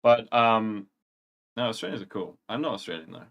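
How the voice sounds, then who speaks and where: Gravelly young man chatting on stream. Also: on the low side, lively intonation, normal speed, lo-fi sound. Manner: rambling, answers chat questions, gamer slang. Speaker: livestream host. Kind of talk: casual livestream chat.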